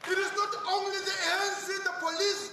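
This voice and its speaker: A man giving an impassioned rally speech at a memorial, calling out to his comrades and building to shouts. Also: very high voice, level tone, fast talker, gravelly, a crowd in the background, noisy background. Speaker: union speaker at a memorial. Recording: echoey public address from a distance.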